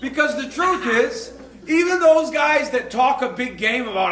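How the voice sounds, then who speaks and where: A man preaching a sermon as pastor, telling a story with lively acted-out voices and laughter. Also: very high voice, moderate pace, echoey room, recorded from a distance. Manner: storytelling, acts out quoted voices, laughing and shouting at punchlines. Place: church.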